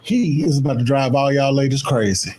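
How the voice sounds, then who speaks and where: A man co-hosting a casual show, joking and teasing in an animated way. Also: mid-range voice, a little fast. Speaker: co-host. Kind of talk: casual comedic chat.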